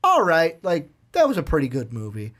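Male co-host, casual film talk, slightly higher voice, rambly. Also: wildly swooping pitch, moderate pace, a bit bright. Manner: rambling, full of "like", acts out quoted lines. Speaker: movie review podcast co-host. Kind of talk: casual chat.

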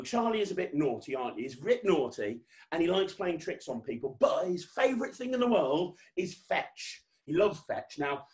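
A British man performing as a children's magician on a virtual party call, hyping kids to shout along and bantering playfully with his puppet. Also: a little high. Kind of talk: virtual kids' magic show. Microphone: video call. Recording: roomy echo.

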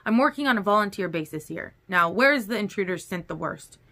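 A woman's voice: mid-range voice, lively intonation, fairly quick, pushed and bright. A woman voicing a blunt, easygoing teenage boy in an audiobook, with a casual, teasing way of talking. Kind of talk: audiobook character dialogue.

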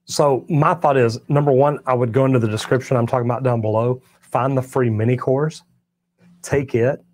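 A man's voice: mid-range voice, fairly even intonation, moderate pace, darkish tone. A middle-aged man from Texas, a master plumber hosting a live stream, answering viewer comments in a friendly, encouraging way and often repeating himself.

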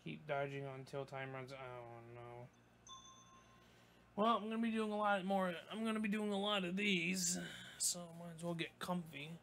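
A young man commentating his gameplay, swearing a lot and breaking into yelps and shouts when things go wrong. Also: a little high, moderate pace. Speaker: gaming YouTuber. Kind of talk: let's play commentary.

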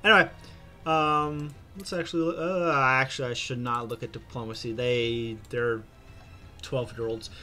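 A man's voice: mid-range voice, steady tone, unhurried, bright, forceful tone. Young guy rambling thru his strategy game, lots of ums, faint music behind. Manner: chatty, rambling, with many fillers and restarts. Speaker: gaming channel host. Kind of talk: casual strategy game commentary.

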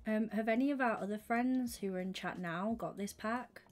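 A young woman livestreaming a game, chatting with her viewers and thinking out loud, often slipping into a whisper. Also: fairly high pitch, normal speed. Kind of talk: casual gaming stream chat.

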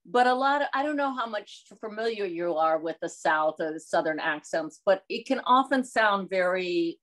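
A middle-aged woman from the American South, chatting in an interview as a guest, lively and quick to laugh, acting out quotes as she tells stories. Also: mid-range voice. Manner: animated, laughs often, acts out quotes. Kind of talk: casual interview chat.

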